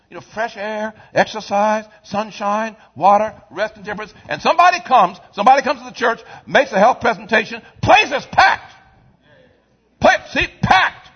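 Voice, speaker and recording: Husky high-voiced preacher, lively delivery. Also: male voice, fairly quick, hardly any pauses, dull audio. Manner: call-and-response preaching, swings from quiet to shouting. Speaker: pastor. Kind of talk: sermon. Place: church sanctuary.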